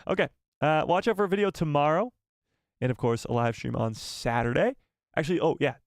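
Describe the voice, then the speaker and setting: A man's voice: fairly high pitch, brisk, no room sound, studio quality. A man hosting a casual live stream, upbeat and rambling, often repeating himself as he chats to viewers. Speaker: YouTube live stream host.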